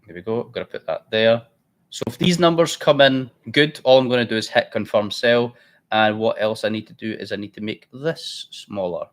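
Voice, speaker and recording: Hosting a live trading stream, a man with a fairly low voice and moderate pace gives casual commentary. He's chatty and blunt, thinking out loud as he works.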